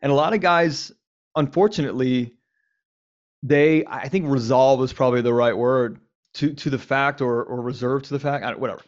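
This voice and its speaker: Host: man, candid and animated, some swearing, mid-pitched, dull lo-fi recording. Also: normal speed. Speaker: podcast host. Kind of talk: casual conversation on men's lives. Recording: slightly dull lo-fi audio.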